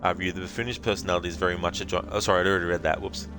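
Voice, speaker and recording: A man's voice: low voice, level tone, very fast, over music. An Australian man streaming a game, chatting casually with viewers in a rambling way. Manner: rambling, full of fillers.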